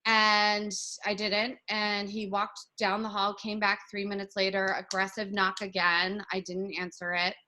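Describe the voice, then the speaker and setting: A woman's voice: mid-range voice, little pitch movement, a little slow, hardly any pauses, pushed and bright. A woman in her thirties, a podcast guest, chatting and telling stories in a loose, casual way full of fillers. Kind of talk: casual storytelling.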